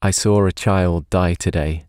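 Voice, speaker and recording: A man voicing a young male thief who speaks quietly and sombrely. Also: deep voice, steady tone, measured pace, dry recording, studio quality. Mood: grieving.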